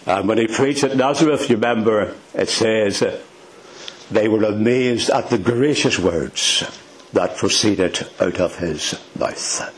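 A man's voice: mid-range voice, measured pace, a little hiss or hum, low-quality recording. A man preaching a sermon, emphatic and asking the congregation rhetorical questions.

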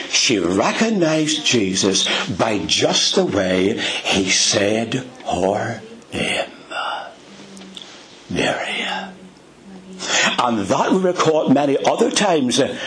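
A male preacher with an Ulster accent delivers a sermon at an unhurried pace. His pitch rises and falls dramatically as he speaks. He sometimes sinks to a hushed whisper to stress a point. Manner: dramatic, drops to whispers for emphasis; addresses listeners as dear friends.

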